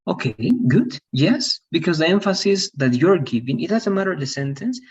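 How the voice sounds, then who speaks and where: Husky-voiced male teacher, lo-fi audio. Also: fairly high pitch, lively intonation, moderate pace. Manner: explanatory, repeats "okay" and "right?" to check understanding. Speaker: English teacher. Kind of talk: online grammar class. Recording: dull lo-fi audio.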